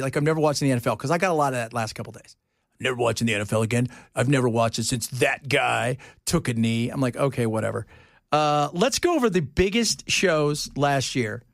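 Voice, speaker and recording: Teasing radio talk show host. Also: male voice, on the high side, no room sound, clean studio sound. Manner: joking, teasing, animated; acts out quoted voices. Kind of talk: casual on-air banter. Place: radio studio.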